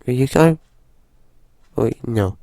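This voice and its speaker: A man with a groggy voice from a cold, giving slow, hesitant casual commentary while playing a driving game. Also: medium pitch, lively intonation, gravelly, mellow, no echo. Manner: slow, hesitant, with frequent fillers. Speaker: gaming channel host.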